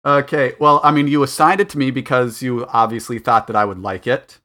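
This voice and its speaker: A man's voice: medium pitch, steady tone, fairly quick, bright, forceful tone. A man co-hosting a podcast in casual chat, talking things through aloud with fillers. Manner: chatty, thinking aloud with fillers. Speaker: podcast co-host.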